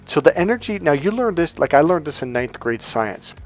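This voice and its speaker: A man's voice: a little high, big pitch swings, fairly quick, faint music behind. Blunt, profane male love coach. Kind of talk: coaching monologue.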